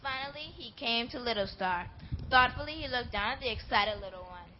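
A woman telling a storybook tale on stage with expressive pacing. Her voice sits a little high. The sound is dull and lo-fi, with clear background hiss. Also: a little fast. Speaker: narrator.

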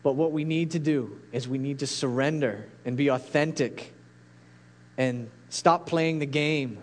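A man's voice: mid-range voice, measured pace. A man preaching a sermon as a pastor, earnest and pleading, building to intense peaks.

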